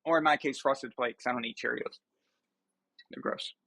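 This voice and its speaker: A man's voice: medium pitch, fairly even intonation, moderate pace, creaky, pushed and bright. A man hosting a sports live stream, chatting casually and ranting with mock outrage to his viewers.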